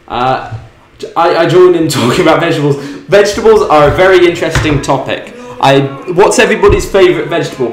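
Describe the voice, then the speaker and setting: A young British man hosting a livestream, chatting casually and rambling with many ums while he cooks. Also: a little high. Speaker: livestream host. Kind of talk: casual chat while cooking and reading chat. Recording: roomy echo, faint music behind.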